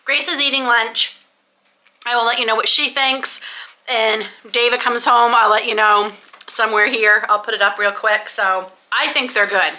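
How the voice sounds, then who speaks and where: Chatty middle-aged mom vlogging in her kitchen, super bright voice, kinda high. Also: steady tone, moderate pace. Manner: chatty, homey, laughs often. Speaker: homesteading vlogger. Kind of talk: casual kitchen vlog. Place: home kitchen.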